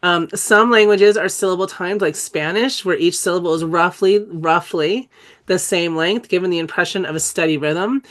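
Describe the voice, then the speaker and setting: Speaking on the low side at a moderate pace, a dyslexia trainer delivers her webinar with a cold, coughing and clearing her throat now and then. She teaches with conversational enthusiasm, spelling out letters as she explains.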